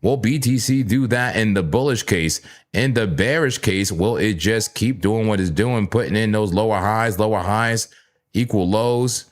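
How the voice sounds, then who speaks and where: Deep-voiced man hosting a chatty trading stream. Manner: playful, chatty, talks straight to chat viewers; repeats words, quick self-corrections. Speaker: livestream crypto trading host. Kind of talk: casual live chart commentary.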